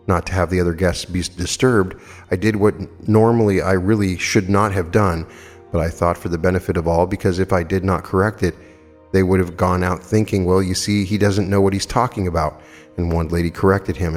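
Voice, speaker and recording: Man, fifties, low voice, earnest lecture, long hall echo. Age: 50s. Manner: earnest, emphatic storytelling with rhetorical questions. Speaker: metaphysical lecturer. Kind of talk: spiritual lecture with anecdotes.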